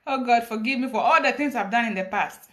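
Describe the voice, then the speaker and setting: A woman's voice: on the high side, a little fast, fairly bright tone. A Ghanaian woman giving a dramatic, preachy confessional monologue on a social media live stream, mixing English and Twi. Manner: preachy, dramatic, laughing storytelling mixed with Twi. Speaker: livestreamer confessing.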